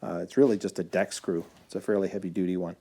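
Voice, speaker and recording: Man, casual how-to voice-over, mellow tone, somewhat low voice, easygoing explanations with ums and restarts. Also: fast, husky. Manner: relaxed, explanatory, with frequent fillers and self-corrections. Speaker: woodworking video maker.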